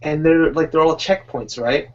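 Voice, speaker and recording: A man's voice: a little high, moderate pace. A man joining a casual stream as a guest and giving chatty, rambling drawing advice. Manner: chatty, explains with rambling analogies. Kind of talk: casual live-stream chat about drawing. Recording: lo-fi voice-chat audio.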